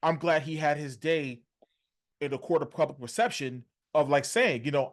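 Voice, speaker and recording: A man's voice: animated, moderate pace. A man hosting a podcast, talking in a conversational and emphatic way. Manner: conversational, emphatic, rising pitch when reacting. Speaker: podcast host. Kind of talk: casual podcast discussion.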